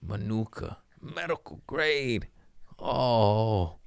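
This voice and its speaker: Deep-voiced man telling loose, profane stories. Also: animated, very slow, creaky, clean tone, no room sound. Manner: loose, profane, laughing at his own stories. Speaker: comedian hosting a podcast. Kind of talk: casual storytelling chat.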